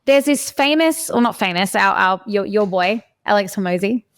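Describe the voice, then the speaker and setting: Sales coach host, woman, mid-pitch, emphatic and forthright, dry close sound. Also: lively intonation, moderate pace, clear, resonant tone, dry recording. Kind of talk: casual chat.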